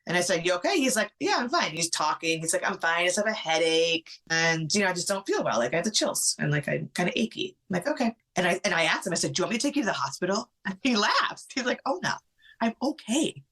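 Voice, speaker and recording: A middle-aged woman, a podcast guest, tells a personal story in an animated way, acting out what others said, with many "like" fillers. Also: lowish voice, fast, hardly any pauses.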